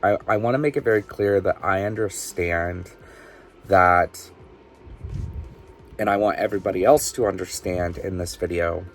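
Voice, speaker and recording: A man casually telling personal stories in an animated, chatty way, full of fillers, for his witchcraft vlog. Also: sits low, normal speed, long pauses, a little hiss or hum. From United States. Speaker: witchcraft vlogger.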